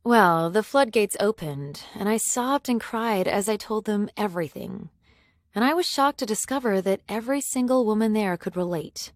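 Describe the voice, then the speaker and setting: A woman's voice: mid-range voice, lively intonation, normal speed, no echo. A young woman narrating a first-person story in an emotional, confessional way.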